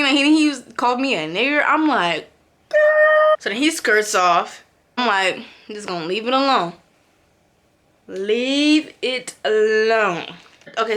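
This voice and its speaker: Animated young woman telling a work story. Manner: animated, acts out quotes with big pitch jumps. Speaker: vlogger. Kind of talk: casual storytelling.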